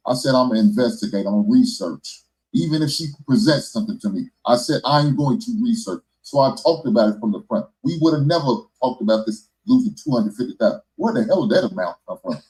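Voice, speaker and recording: Blunt, profane man with lively pitch. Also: quick pace, few pauses, poor audio. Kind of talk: casual debate chat.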